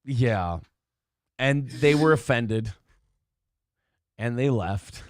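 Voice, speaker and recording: A man's voice: medium pitch, drawn-out words, no echo, studio quality. A man co-hosting a morning radio show, telling a night-out story in casual chat, swearing and acting out what people said. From Minnesota. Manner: animated storyteller, swears, acts out quotes.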